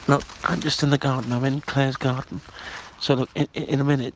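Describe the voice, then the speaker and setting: In a car, a man with a mid-range, slightly bright voice leaves pushy, conspiratorial voicemails and keeps calling the listener "mate." It's an improvised comedy voicemail.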